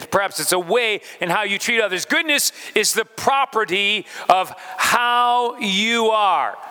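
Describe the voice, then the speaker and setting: High, bright-voiced man preaching. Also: long reverb tail. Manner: speaks straight to the congregation with questions. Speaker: pastor. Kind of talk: sermon.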